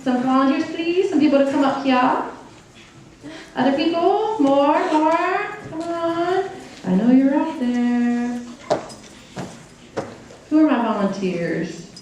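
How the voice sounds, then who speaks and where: A woman interpreter voicing a deaf storyteller on stage for a live audience. She talks in an animated, playful way. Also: sits high, slow, long pauses, far from the mic, a little hiss or hum. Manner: animated, playful, acts out quoted characters. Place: large room before a live audience. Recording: very echoey hall, picked up from afar.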